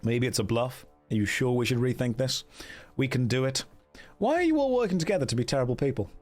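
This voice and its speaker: Guy streaming a gamebook w chat, pitch bounces all over, bit of music in the back. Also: fast talker. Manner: animated, chatty, reads story passages aloud to viewers. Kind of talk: live-streamed gamebook play with chat votes.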